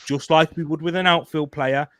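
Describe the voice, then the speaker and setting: A man's voice: on the high side, fairly even intonation, moderate pace, fairly bright tone, dry recording, studio quality. A man co-hosting a casual football chat, building his points with lists of examples. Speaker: podcast co-host.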